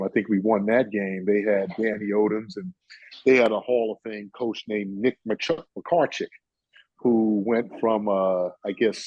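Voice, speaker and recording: Husky older man spinning long stories. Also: fairly low pitch, a little mellow, no room sound, muffled recording. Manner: rambling, full of "you know" and "uh". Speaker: guest. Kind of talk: casual storytelling chat.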